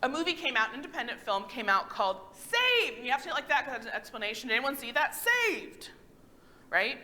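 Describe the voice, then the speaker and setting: Woman pastor, 30s, conversational sermon delivery, bright tone, higher voice, quizzes the pews. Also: racing. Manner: conversational, animated, asks the congregation questions. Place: church sanctuary.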